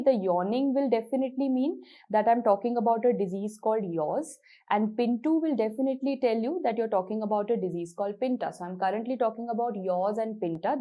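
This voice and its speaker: A woman's voice: medium pitch, dark tone. A young woman with an Indian English accent giving a medical lecture, explaining with mnemonics, repeating key points and mixing in Hindi words.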